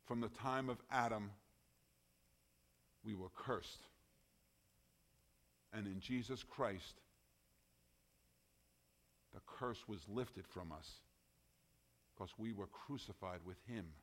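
A man preaching a sermon, emphatic, often rising in loudness and then dropping low. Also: takes it slowly, pauses often.

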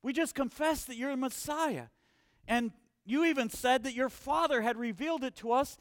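A man preaching a sermon, animated, acting out quotes and asking questions. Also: very high-pitched, moderate pace, no room sound, clean studio sound.

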